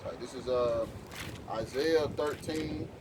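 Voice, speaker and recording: Emphatic street preacher, distant. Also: male voice, medium pitch, a little slow. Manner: emphatic, ends phrases with "man". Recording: distant mic with loud street noise.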